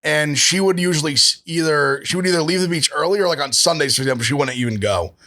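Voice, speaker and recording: A man's voice: fairly high pitch, fast talker, sharp tone. A young man chatting casually as a podcast guest, rambling with many fillers and restarts. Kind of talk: casual food chat.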